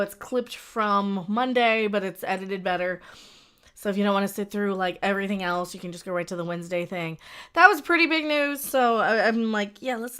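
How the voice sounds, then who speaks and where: Rambling, higher-voiced woman streamer. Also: fairly bright tone, clear, resonant tone. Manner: rambling, laughs often, self-interrupting. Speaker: livestream host. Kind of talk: casual livestream chat.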